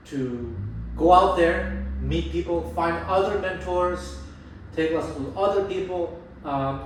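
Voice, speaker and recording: A man's voice: on the high side, slight background noise. A man, a jazz guitar teacher and host, talking casually and emphatically about playing for an audience, often restarting sentences. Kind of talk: casual talk on music teaching. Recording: roomy echo, distant mic, faint ambience.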